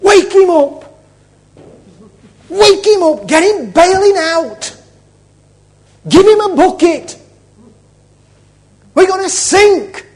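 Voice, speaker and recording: A preacher voicing panicked male disciples, frantic and shouting, pleading for help in a storm. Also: very high voice, expressive, slow pace, long pauses, pitched above the performer's own voice, exaggerated voice.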